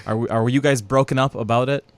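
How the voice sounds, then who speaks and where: Man, podcast host, casual chat, smooth resonant voice, hesitant fillers. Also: mid-range voice, steady tone, quick pace. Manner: hesitant, filler-heavy, steers the topics.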